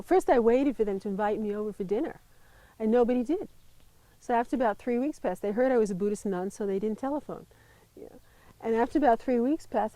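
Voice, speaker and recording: New buddhist nun in her 50s telling stories, kinda high voice, soft mellow tone, animated, dry close sound. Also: dry recording, low-quality recording. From United States. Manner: animated storytelling, laughs often, mimics voices in quotes. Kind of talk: personal storytelling.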